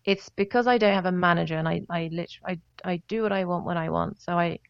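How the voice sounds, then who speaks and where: A woman's voice: fairly low pitch, fast talker, clean tone, no room sound, highs cut off. A woman, a singer and vocal coach, chatting animatedly as a guest, often slipping into voices and laughter. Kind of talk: casual interview storytelling.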